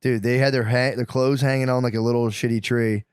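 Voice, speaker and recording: A man co-hosting a comedy podcast, his voice sitting at an ordinary middle pitch. He chats in a loose, casual way and tells stories with a lot of life, putting on voices for the people in them. The sound is dry and close, with no room around it. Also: a little fast, clean tone, no room sound. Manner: animated storytelling, acts out quoted people in a higher voice. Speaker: podcast co-host.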